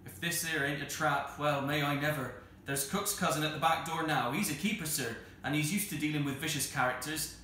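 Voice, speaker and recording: A man's voice: on the high side, fairly even intonation, brisk, hardly any pauses, sharp tone, voice pushed up. A man doing a stubborn rustic manservant. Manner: rustic dialect, firm. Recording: roomy hall with faint noise.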